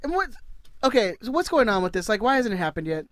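Clear-voiced man, casual podcast host. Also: high-pitched, quick pace, no echo. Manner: relaxed, jokey, reads out listener emails. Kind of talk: casual sports chat.

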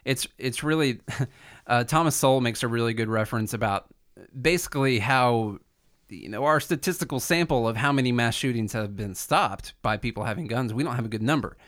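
A man's voice: medium pitch, fairly quick, a bit bright. Guy on a podcast, medium voice, lots of ums and likes, speeds up telling a story. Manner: explanatory, filler-heavy, speeds up telling stories. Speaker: podcast co-host. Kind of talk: casual political podcast chat.

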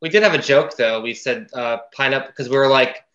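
A man's voice: medium pitch, fairly quick, a bit bright, highs cut off. A man, a film director, rambling hesitantly as a podcast guest. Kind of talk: casual interview chat.

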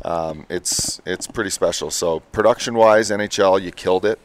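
A man's voice: sits low, moderate pace. A man hosting a casual podcast chat, rambling through stories with an easygoing delivery. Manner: laid-back, rambling storyteller. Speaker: podcast host.

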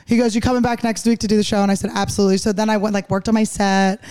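A young woman from Philadelphia, a stand-up comedian, telling joking stories in a quick, laughing, casual podcast chat. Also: medium pitch, flat delivery, warm tone, clear, resonant tone. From Philadelphia, USA. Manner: rapid, joking storytelling with frequent laughs.

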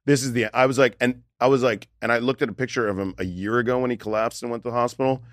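A man in his forties, a comedian guest, telling a personal story in candid conversation, emotional and halting with many restarts. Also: mid-range voice, no room sound, studio quality.

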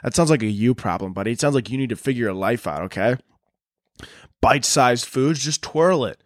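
A man's voice: medium pitch, animated, fairly quick, no echo, studio quality. Profane, rambling young podcast host, man. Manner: profane, rambling, jumps into silly character voices. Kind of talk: solo comedic podcast rant.

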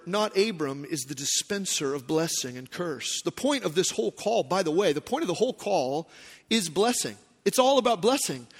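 A man's voice: high voice, a bit bright. A man preaching a sermon with emphatic, repetitive phrasing, often asking the audience questions. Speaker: pastor. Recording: long reverb from a hall.

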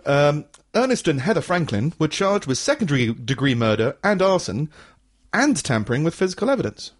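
A man's voice: fairly high pitch, big pitch swings, moderate pace. A man co-hosting a casual comedic podcast, rambling, laughing often and swearing freely. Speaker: podcast co-host.

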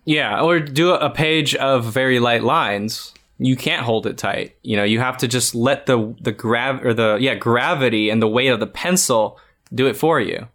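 A man's voice: medium pitch, moderate pace, a bit bright. 30s guy chatting about drawing, rambly, lots of restarts. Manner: rambling, frequent restarts and fillers. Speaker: art podcast co-host. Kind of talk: casual chat giving drawing advice.

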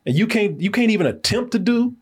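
American guy hosting a movie review podcast, husky voice, animated and swearing, lots of uhs. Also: high-pitched, a little fast. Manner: animated, laughing, profane, lots of fillers. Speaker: film review podcast host. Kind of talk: casual film review chat.

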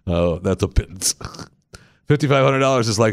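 A man's voice: fairly low pitch, moderate pace, gravelly, no echo, clean studio sound. Man telling jokey stories on a talk show. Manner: animated storyteller acting out scenes. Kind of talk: comedic talk-show banter.

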